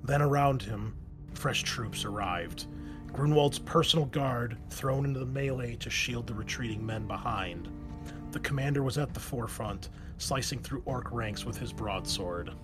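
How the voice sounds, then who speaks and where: Guy reading a fantasy battle story, steady and even, a bit of music behind. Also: medium pitch, moderate pace. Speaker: narrator. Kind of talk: dramatic story narration.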